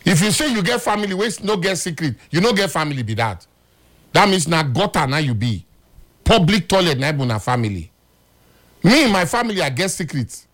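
A man's voice: a little high, big pitch swings, a little fast, a bit bright. A man with a Nigerian accent, a guest on a talk show, speaking in an emphatic, preachy way.

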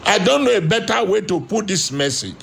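Impassioned preacher, high gravelly voice. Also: male voice, animated, brisk, slight background noise. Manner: impassioned, repeats lines, shouts at times. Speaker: prophet. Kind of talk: sermon.

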